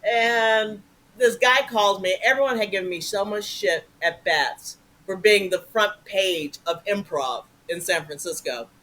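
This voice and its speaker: Bright, forceful woman telling a story. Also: medium pitch, a little slow. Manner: animated, profane, acts out voices in her anecdotes. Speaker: interview guest. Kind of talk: casual storytelling.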